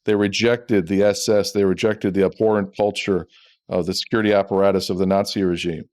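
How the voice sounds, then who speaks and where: A man's voice: sits low, flat delivery, brisk, a little mellow. A middle-aged man, a former intelligence officer, talking emphatically as a guest on an interview podcast. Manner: emphatic, repeats words when fired up. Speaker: ex-CIA officer, guest expert.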